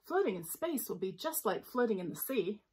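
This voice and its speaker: A woman voicing an eager, cheerful female mermaid who pleads brightly to join in. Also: medium pitch, big pitch swings, moderate pace, husky.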